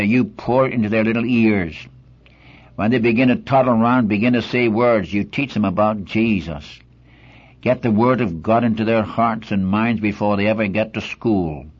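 An older man preaching as a pastor, telling folksy stories and asking his listeners rhetorical questions, in a husky voice. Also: lowish voice, highs cut off. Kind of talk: sermon.

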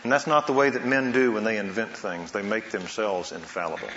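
A man preaching a sermon, asking rhetorical questions and swinging between soft and loud delivery. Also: fairly low pitch, a little fast, background noise. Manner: dramatic swings in loudness and pace, rhetorical questions. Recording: roomy, slightly dull sound.

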